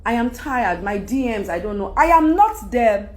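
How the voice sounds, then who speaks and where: A woman's voice: on the high side, big pitch swings, normal speed. A middle-aged Nigerian woman with a Nigerian accent, giving an emphatic, rambling monologue to her followers. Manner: emphatic, rambling, switches into Yoruba. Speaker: celebrity speaking to followers. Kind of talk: candid monologue.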